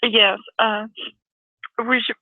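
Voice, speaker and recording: A woman caller giving quiet, brief answers over a tinny phone line. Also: a little high, flat delivery, slow pace, no echo.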